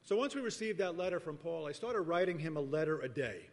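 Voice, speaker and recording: A middle-aged man preaching a sermon as pastor, telling a personal story in an earnest, measured way and often repeating phrases. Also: on the high side, expressive. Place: church sanctuary. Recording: long reverb of a large hall.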